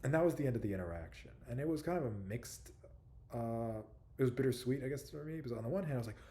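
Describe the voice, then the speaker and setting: A young man telling his life story to his viewers in a halting, rambling way, full of "like" and "you know", soft-spoken and self-conscious. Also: mid-range voice, lively intonation. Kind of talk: casual personal storytelling to camera.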